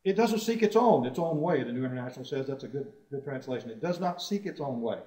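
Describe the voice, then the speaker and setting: A man's voice: mid-range voice, expressive, quick pace, dark tone. A man preaching a sermon to a congregation, emphatic, rising on key phrases and putting questions to his listeners. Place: church assembly hall. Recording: roomy, distant, dull old church recording.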